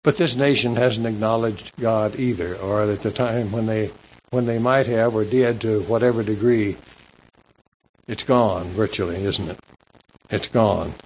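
A man preaching a sermon, reading scripture and adding asides in a measured, halting delivery with frequent repeats. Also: fairly low pitch, a little mellow, slight background noise, rough recording.

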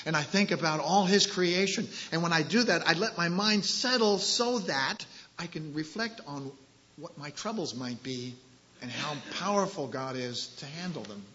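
Brief: male preacher, fairly high and bright voice, emphatic delivery, dull lo-fi recording. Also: animated. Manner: emphatic, slows on key phrases. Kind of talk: sermon with scripture reading.

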